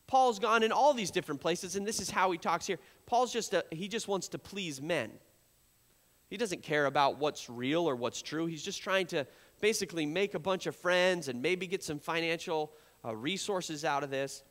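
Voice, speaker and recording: A male pastor preaching a sermon, lively, acting out quoted accusers in a raised voice. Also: fairly high pitch, moderate pace, long reverb tail. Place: church sanctuary.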